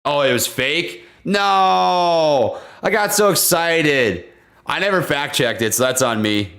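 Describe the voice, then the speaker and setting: A man hosting a live stream about stocks, chatting casually and excitably with viewers and breaking down price charts. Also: mid-range voice, moderate pace. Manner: excitable, easygoing, laughs often, slangy. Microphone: desk condenser microphone.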